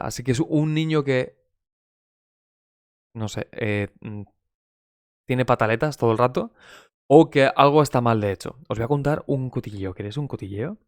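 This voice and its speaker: A Spanish-accented man, Spanish his first language, teaching English in a loose, gossipy way that slides into Spanish. His voice sits in a middle pitch. It is recorded close and dry, with no room sound. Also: brisk, long pauses, dry recording. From Spain. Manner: chatty, gossipy, swears, mixes Spanish into English. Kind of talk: casual live-stream English lesson.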